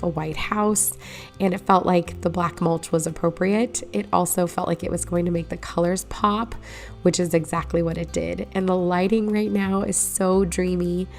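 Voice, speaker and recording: Chatty woman with a low morning voice. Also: a little mellow. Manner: chatty, friendly, explains as she goes. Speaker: home makeover vlogger. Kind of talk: casual voice-over narration. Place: voice-over recorded while editing.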